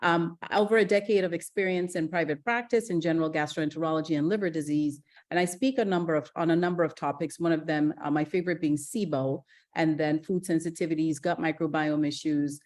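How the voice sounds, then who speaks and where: A middle-aged woman from Ghana, a gastroenterologist giving a lively online masterclass, chatty and energetic, with fillers and restarts. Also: low-pitched, brisk, few pauses. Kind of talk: live online masterclass talk.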